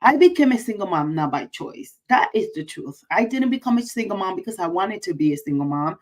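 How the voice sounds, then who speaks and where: A woman's voice: medium pitch, lively intonation, fairly quick, rough recording. A woman hosting a casual livestream, effusive and emotional, repeating her greetings. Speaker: livestream host.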